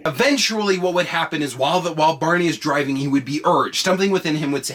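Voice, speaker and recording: A man hosting a podcast, telling a story comedically with heavy swearing, jumping between hushed lines and shouting. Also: on the high side, fast talker, hardly any pauses. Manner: profane, excitable, swings between hushed and shouting. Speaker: podcast host.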